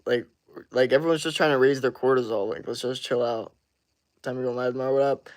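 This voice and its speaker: A man's voice: medium pitch, fairly even intonation, brisk, darkish tone. A man in his twenties livestreaming, chatting casually with his viewers and reacting to comments with frequent swearing. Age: 20s. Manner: laid-back, swears a lot, reacts to chat. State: just out of the shower.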